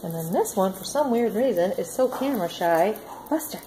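A woman's voice: mid-range voice, expressive, normal speed, background noise. A woman filming a casual home vlog, coaxing her dogs in baby-talk and chatting between commands, recorded on a phone in her kitchen. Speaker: vlogger. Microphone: phone camera.

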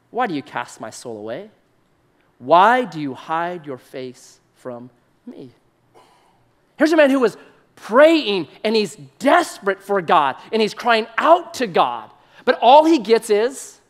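A man preaching a sermon, swinging from loud excited bursts to soft, hushed emphasis and repeating short phrases. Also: a little high.

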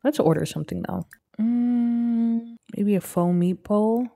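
A young woman casually narrating her life-simulation game, chatting and putting quick voices on the characters. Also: a little high, warm tone. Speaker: let's play gamer. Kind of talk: casual gameplay commentary.

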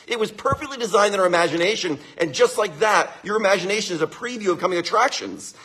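A man's voice: sits high, fairly bright tone, husky. A man who owns a winery giving an enthusiastic, repetitive motivational talk, laughing often.

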